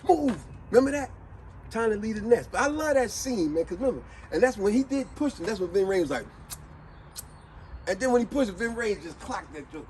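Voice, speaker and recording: Animated, high-voiced storytelling man. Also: fairly quick, slight background noise, rough recording. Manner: animated, slangy retelling with lots of rhetorical questions. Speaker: motivational vlogger. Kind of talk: casual motivational storytelling.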